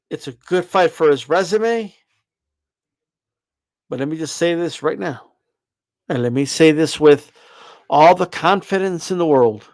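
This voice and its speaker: A man's voice: fairly high pitch, clean tone, dry recording. A man hosting a boxing livestream, ranting in a brash, profane, emphatic way and repeating himself for effect. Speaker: boxing channel host. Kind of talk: livestream rant.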